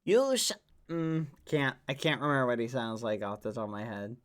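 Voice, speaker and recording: A man chatting casually with his stream chat in a relaxed, joking way. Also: medium pitch, brisk.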